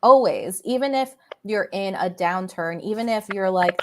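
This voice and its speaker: A woman guest, a business coach, speaking in casual chat with a measured, encouraging coaching manner. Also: medium pitch, noisy background.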